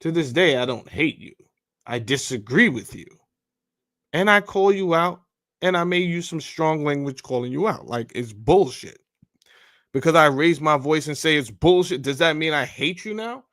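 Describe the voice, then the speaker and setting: A man's voice: a little high, animated, normal speed, a bit bright. A man hosts a podcast, talking through a bill in a loose, fired-up way. He is blunt and profane and keeps calling the listener bro. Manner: heated, blunt and profane, says bro a lot. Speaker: podcast host. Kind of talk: casual commentary reading a bill aloud.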